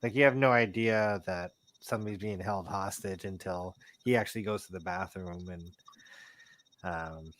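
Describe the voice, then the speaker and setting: A man in a casual movie chat, rambling with many restarts and growing animated. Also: deep voice, moderate pace, a little hiss or hum. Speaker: podcast guest.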